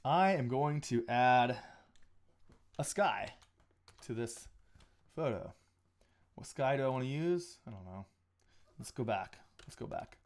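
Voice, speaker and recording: A man with a mid-range, animated voice chats casually on a live stream while editing photos in his home photo studio. He speaks slowly with long pauses, thinking aloud, often restarting and slipping in small asides.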